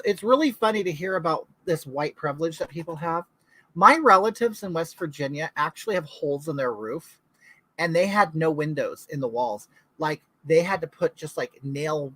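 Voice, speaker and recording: Chatty Californian man, slightly high voice. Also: pushed and bright, no echo, rough recording. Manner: gossipy, chatty, talks straight to viewers. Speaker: livestream host reading viewer chat. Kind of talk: casual chat.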